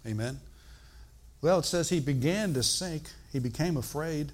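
Animated man preaching a sermon. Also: a little high, normal speed. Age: older. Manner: animated, emphatic, shifts between loud and hushed.

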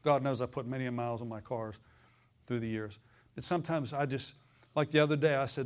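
A man's voice: mid-range voice, steady tone, fairly quick. A pastor preaching to his church. He is folksy and fiery and keeps asking the congregation for an amen. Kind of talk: sermon.

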